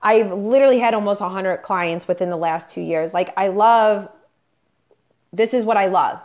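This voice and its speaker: Speaking in a mid-range, darkish voice at normal speed, a woman coach leads an unscripted Facebook live business training. She's chatty, upbeat, and pushy, addressing viewers directly and peppering her talk with "like" and "you guys," over slightly dull lo-fi livestream audio.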